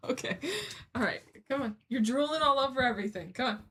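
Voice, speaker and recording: Slow-talking woman chatting to her cat. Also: fairly high pitch, a bit bright, a little hiss or hum. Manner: playful baby-talk to a pet, scolding and cooing. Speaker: cosplay sewing vlogger. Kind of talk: casual chat with her cat. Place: home sewing room.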